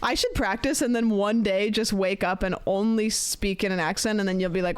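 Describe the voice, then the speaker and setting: A woman's voice: mid-range voice, fairly quick, few pauses, smooth. An American woman streaming live, chatting in a playful, rambling way. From United States. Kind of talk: casual live-stream chat.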